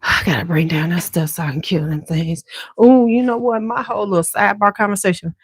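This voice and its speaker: A woman's voice: mid-range voice, fairly quick, slightly rough, no room sound. A woman hosting a beauty channel in a casual livestream chat at home. She talks straight to viewers, swears freely, and wears a clip-on mic.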